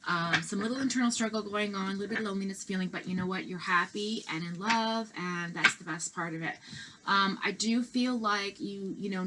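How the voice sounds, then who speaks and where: A woman's voice: medium pitch, a bit bright, a little hiss or hum, low-quality recording. A woman reading tarot cards in a casual, chatty and reassuring way, with many fillers and restarts. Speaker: tarot reader.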